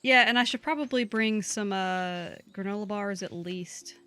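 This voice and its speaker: A woman's voice: mid-range voice, normal speed, bright, forceful tone, slight background noise. A woman with a Southern US accent co-hosting a game stream, chatting casually and playfully with lots of fillers. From United States. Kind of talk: casual let's-play chat.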